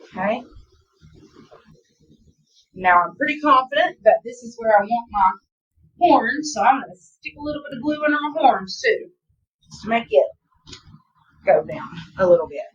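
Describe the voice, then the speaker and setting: Southern woman, craft tutorial, chatty and self-teasing, higher voice, husky, dull lo-fi sound. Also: lively intonation, normal speed, long pauses. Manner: chatty, self-teasing, talks to viewers as "y'all". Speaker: craft instructor.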